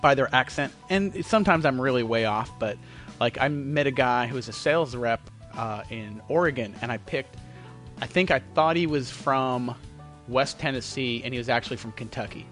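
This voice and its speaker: A man's voice: mid-range voice, fairly quick, soft background music. Profane man ranting. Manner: profane, heated, swings into loud mocking voices. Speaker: podcast host. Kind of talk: casual opinionated rant. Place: Myrtle Beach, South Carolina.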